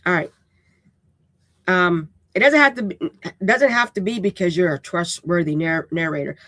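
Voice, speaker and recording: A woman with a fairly low voice, recorded without echo, hosts a live-streamed writing lesson. She's casual, direct and unapologetically raw, plainspoken throughout and constantly checking in with "okay?"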